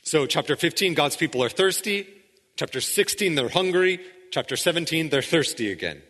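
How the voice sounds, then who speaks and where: A man preaching a sermon in a conversational way, with frequent restarts, sometimes dropping into quiet intensity. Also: a little high, lively intonation, normal speed, big-room sound. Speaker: pastor.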